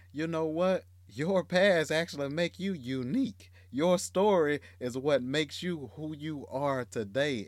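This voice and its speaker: A man's voice: medium pitch, clean studio sound. A man hosting a podcast, affirming and echoing his guest with enthusiasm. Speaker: podcast host. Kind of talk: casual podcast chat.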